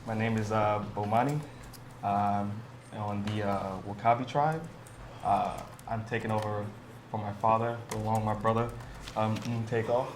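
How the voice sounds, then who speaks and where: A man hesitantly introducing his tabletop character, pausing often. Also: on the low side, steady tone. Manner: hesitant, halting. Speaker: player. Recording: loud background noise.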